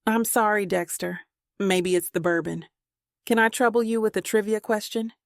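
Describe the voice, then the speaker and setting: A woman's voice: mid-range voice, moderate pace, vocal fry, no echo, clean studio sound, close to an everyday voice. A woman voicing a troubled, brooding male detective in an audiobook, speaking plainly and wearily.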